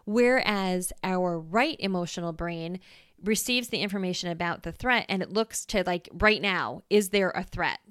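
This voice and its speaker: Smooth-voiced chatty woman podcaster. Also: on the low side, a bit bright, no echo, clean studio sound. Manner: chatty, checks in with "right?", acts out quick voices. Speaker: podcast host. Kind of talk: casual solo podcast explainer.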